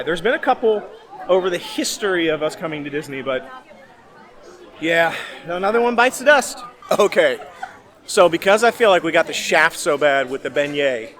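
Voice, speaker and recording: A man's voice: on the high side, fairly bright tone. A man hosting a casual theme park food vlog, chatty and laughing often as he talks. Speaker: vlog host. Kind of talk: casual food review chat.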